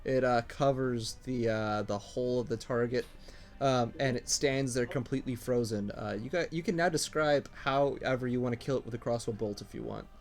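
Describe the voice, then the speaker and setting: A man's voice: medium pitch, moderate pace. A man narrating a tabletop game as game master, rambling casually with restarts. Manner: rambling, many ums and restarts.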